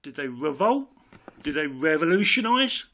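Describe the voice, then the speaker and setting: Gravelly ranting man. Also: a little high, sing-song, normal speed, a bit bright. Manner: ranting, emphatic, swears, repeats himself. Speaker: political speaker. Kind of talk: impassioned monologue.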